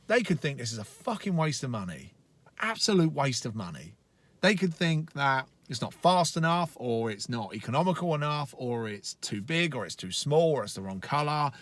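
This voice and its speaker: Sitting in his car, a male life coach delivers a casual, blunt motivational training talk laced with profanity. His voice is medium-pitched.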